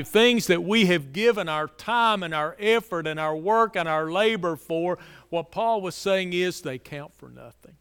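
A man preaching a sermon as a pastor, slow and emphatic, rising loud and dropping to near quiet for stress. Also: on the high side, clean tone, in a large hall. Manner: slow, emphatic preaching with swells and drops in volume.

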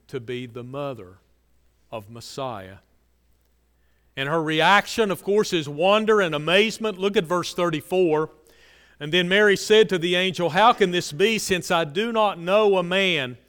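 A man preaching a sermon, earnest and repetitive, pressing key phrases and then dropping to a soft, low delivery. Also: a little slow, clear, resonant tone, big-room sound. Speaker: pastor.

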